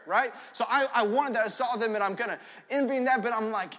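A young adult man preaching a sermon in an animated storytelling manner, often checking in with "right?" asides. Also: extremely high pitch, a little fast. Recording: long hall reverb.

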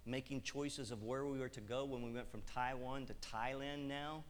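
A middle-aged man preaches to his congregation, telling a personal story with lively acted-out dialogue. His voice sits in a middle pitch and carries a long reverb from the hall. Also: moderate pace, slight background noise. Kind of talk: sermon with personal testimony. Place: church hall.

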